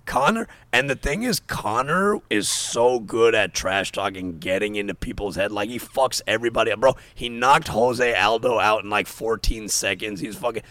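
A man chatting with friends on a podcast, his voice rising and falling with lively swings. He swears freely and tells stories with animated emphasis. Close, dry sound. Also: lowish voice, normal speed, few pauses, no room sound. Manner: animated, profane, storytelling. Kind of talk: casual chat.

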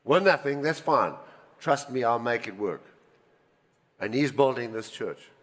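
An older man preaching a sermon, telling personal stories and swinging between loud emphasis and quiet asides. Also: medium pitch, expressive, a little slow. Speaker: pastor. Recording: reverberant hall.

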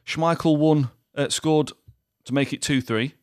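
A man's voice: fairly high pitch, unhurried, no room sound, studio quality. Teasing man hosting a podcast quiz. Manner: teasing, laughing, swearing. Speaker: podcast host and quizmaster. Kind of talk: casual banter.

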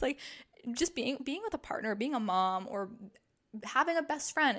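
A woman's voice: fairly high pitch, brisk, fairly bright tone. A young woman hosting a podcast, talking in a chatty, emphatic way, full of "like" fillers. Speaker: podcast host. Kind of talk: casual podcast monologue.

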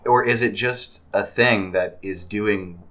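A man's voice: lowish voice, takes it slowly, a bit bright. A man co-hosting a casual movie discussion, thoughtfully steering the talk. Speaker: podcast co-host.

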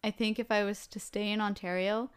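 A woman's voice: mid-range voice, little pitch movement, fairly quick, clear, resonant tone. A young woman from Canada with a Canadian accent, co-hosting a podcast in casual chat, laughing often. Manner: chatty, laughs often, reads a sign-off. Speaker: podcast co-host.

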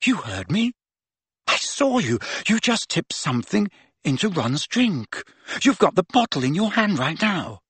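A man's voice: mid-range voice, huge pitch swings, unhurried, few pauses, fairly bright tone, breathy edge, dry recording, heavily acted. A man voicing a bossy teenage girl who speaks sharply and scolds. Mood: alarmed scolding.

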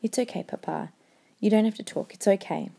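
A woman's voice: medium pitch, fairly quick, creaky, mellow. A woman voicing a frightened young boy who pleads with his dying father while she reads a novel aloud to a class. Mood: pleading. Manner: small, pleading and fearful.

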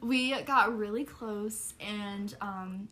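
A woman's voice: mid-range voice, drawn-out words, pushed and bright, slight background noise. A young woman telling a personal story on a casual podcast, rambling with lots of fillers and frank, profane asides.

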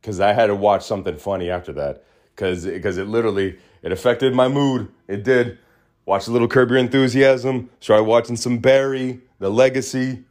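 A man hosting a podcast in a small studio, talking in an animated, ranting way that drops to low mutters. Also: moderate pace. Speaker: podcast host. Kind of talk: casual ranting monologue.

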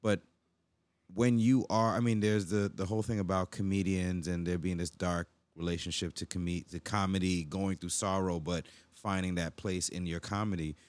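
A man with Jamaican parents hosting a podcast, asking rambling questions and telling stories in an animated way. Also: sits low, normal speed, no echo. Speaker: podcast host. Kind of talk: casual podcast interview.

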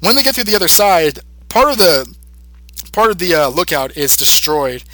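A man's voice: on the high side, no room sound, rough recording. A man co-hosting a podcast, recapping an episode in casual chat and jumping into put-on voices for the characters. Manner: animated, acts out character lines in quick put-on voices. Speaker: podcast co-host.

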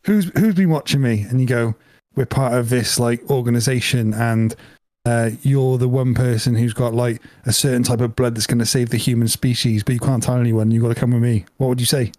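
A man's voice: mid-range voice, level tone, fairly quick, a little mellow, no room sound. A man co-hosting a podcast, chatting casually and spinning playful what-if stories with snippets of acted dialogue. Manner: spins playful hypothetical scenarios, acting out bits of dialogue. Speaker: podcast co-host. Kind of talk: casual chat.

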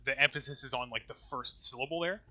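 Bright-voiced casual male co-host. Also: mid-range voice, fast talker. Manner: loose and rambling, with restarts and swearing. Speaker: podcast co-host. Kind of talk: casual discussion of poetry.

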